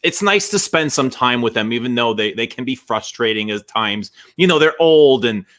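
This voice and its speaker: A middle-aged Canadian man talks through a stream in loose, rambling chat. His voice is bright and forward, with a mid pitch, and he often stops and restarts his sentences. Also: expressive, moderate pace. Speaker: stream co-host. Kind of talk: casual chat.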